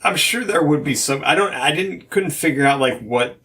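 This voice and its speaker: A man's voice: a little high, normal speed, sharp tone. A man co-hosting a podcast in casual chat, rambling and hedging as he thinks aloud, with many restarts. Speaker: podcast co-host.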